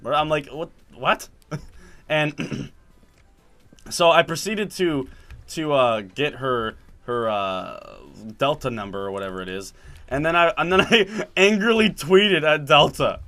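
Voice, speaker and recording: A man telling a story in casual chat while playing a game, animated and laughing as he acts out quotes. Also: on the high side, unhurried. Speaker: gaming video host. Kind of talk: casual storytelling over gameplay.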